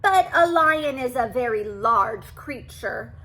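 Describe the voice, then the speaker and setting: An older woman voicing a cunning, smooth-talking male cat in a storybook reading, flattering and slipping in meows. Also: a little high, takes it slowly, full character voice, poor audio. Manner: flattering, meowing between words.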